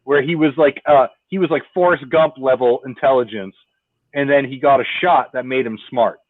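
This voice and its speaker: Male podcast co-host, profane and animated, tinny call audio, dry sound. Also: medium pitch, normal speed, no room sound. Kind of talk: casual chat. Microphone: remote call.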